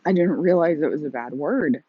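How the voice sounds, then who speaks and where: American woman just rolled outta bed, husky breathy voice, rambly ASMR smoking chat, dry dull lo-fi sound. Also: sits low, expressive, no room sound. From United States. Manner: rambling and self-mocking, drawn-out words, exhales between phrases. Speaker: ASMR smoking channel host. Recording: dry, slightly dull lo-fi recording.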